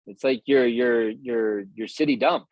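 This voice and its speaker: A man's voice: a little slow, no room sound, highs cut off. A man giving a casual motivational talk to his team. He rambles with many restarts and acts out quoted people in raised voices. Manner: acts out quoted voices in a higher, louder pitch.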